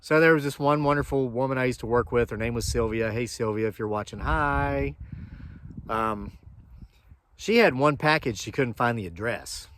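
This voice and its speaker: A man's voice: mid-range voice, normal speed, fairly bright tone. A man from Appalachia telling a long, rambling story to his viewers in a casual, chatty way, with frequent asides and digressions. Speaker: homesteading channel host.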